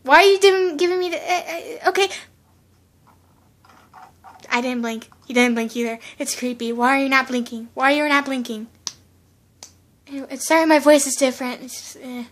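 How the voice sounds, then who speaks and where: A timid, soft-spoken cartoon pony mare played by a woman, with a very high and bright, almost sharp voice. She hesitates constantly, filling gaps with ums and uhs. She is easily startled. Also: moderate pace, pauses often. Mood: nervous. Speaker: reaction video host. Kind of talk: fan reaction commentary in character.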